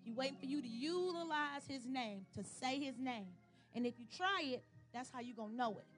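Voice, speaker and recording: High-voiced woman leading church call-and-response. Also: animated, normal speed. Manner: leads chanting and clapping, then talks casually to youth. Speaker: youth church worship leader. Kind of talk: call-and-response worship and sermon. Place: church service. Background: loud worship music.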